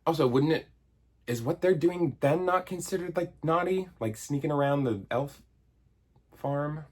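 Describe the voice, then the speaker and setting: A man in his thirties, with a slightly high, darkish voice and a somewhat slow delivery, rants through a comedic film review. As a video essayist, he sounds sarcastic and exasperated, swearing casually.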